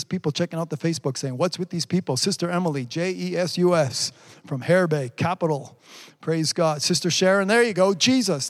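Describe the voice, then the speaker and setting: A man with a notably high voice leads a livestreamed sermon. He speaks fervently, reading out viewers' comments and breaking into exclamations of praise. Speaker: pastor.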